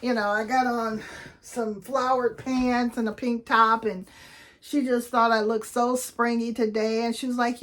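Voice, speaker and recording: A woman's voice: a little high, moderate pace, fairly bright tone. A woman in her sixties, a vlogger telling everyday stories in a chatty, upbeat way and acting out the voices of people she quotes. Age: 60s. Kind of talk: casual storytelling vlog.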